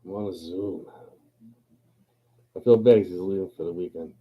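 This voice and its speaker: A man's voice: low-pitched, normal speed, warm tone. A man hosting a live open chat, talking in a laid-back, slangy, rambling way with playful chanting. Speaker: livestream host. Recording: phone-like lo-fi stream audio.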